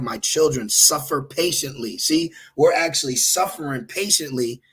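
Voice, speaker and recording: A man's voice: mid-range voice, a bit bright, breathy edge. A man giving an informal scripture teaching, reading verses aloud and talking straight to his listeners with frequent check-ins. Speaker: preacher.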